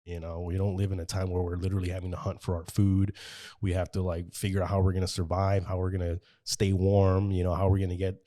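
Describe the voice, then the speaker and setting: Really deep mellow voice, american guy rambling earnestly on a podcast. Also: monotone, quick pace. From United States. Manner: earnest and rambling, many fillers and restarts. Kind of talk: casual podcast conversation.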